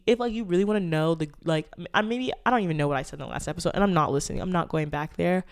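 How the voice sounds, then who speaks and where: A woman's voice: on the low side, racing, hardly any pauses. A young woman in her twenties hosting a casual solo podcast, talking candidly and rambling with lots of fillers and swearing. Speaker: podcast host.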